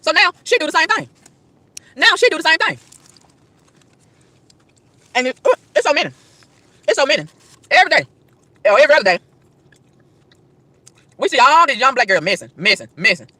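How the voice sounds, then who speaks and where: A woman's voice: sits high, very animated, a little fast, long pauses, pushed and bright, dry recording. A woman outdoors in a park, delivering an emphatic, preachy rant to camera, firing rhetorical questions and tripping over repeated words. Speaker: vlogger.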